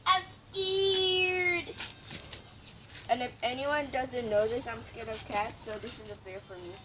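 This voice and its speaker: A young woman vlogging with a cracking voice, squealy and excitable as she talks to a cat. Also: a little high, fairly quick. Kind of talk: casual vlog chat. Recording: loud noisy background.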